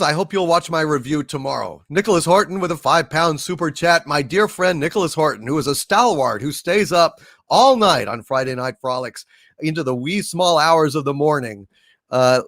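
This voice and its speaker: A man's voice: mid-range voice, fairly bright tone, dry recording, clean studio sound. A middle-aged man hosting a livestream, reading super chats and ranting with angry sarcasm and frequent swearing.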